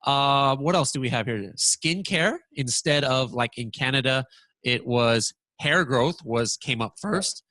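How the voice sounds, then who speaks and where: A man presenting a software walkthrough lesson, talking excitedly and stammering when surprised. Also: medium pitch, a little slow, no room sound.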